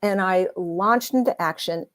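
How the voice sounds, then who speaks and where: A woman, older than her forties, telling a candid personal story in a conversational way, with many pauses and fillers. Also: lowish voice. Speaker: guest storyteller.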